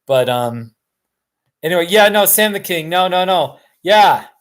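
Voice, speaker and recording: Expressive and fairly bright, this man's voice sits high and moves a little slowly. He's a tired middle-aged American hosting a casual live stream from his home couch, rambling, running himself down, and laughing a lot.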